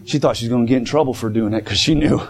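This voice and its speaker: A man preaching a sermon in a church, telling a story with voices he acts out and shouting at the high points. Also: racing. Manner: animated storytelling, acting out voices.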